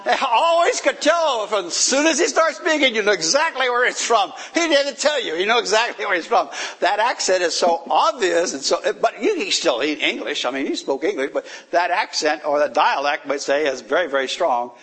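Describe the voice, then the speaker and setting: A man with a high, breathy voice leads an informal Bible study at normal speed, barely pausing. Animated and laughing, he reads verses aloud, talks things through, and jokes around with the group.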